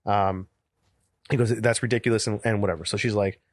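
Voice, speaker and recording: Casual swearing podcast dad. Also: male voice, fairly low pitch, fairly even intonation, a little fast, no echo, studio quality. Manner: rambling storyteller, swears freely. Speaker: podcast co-host.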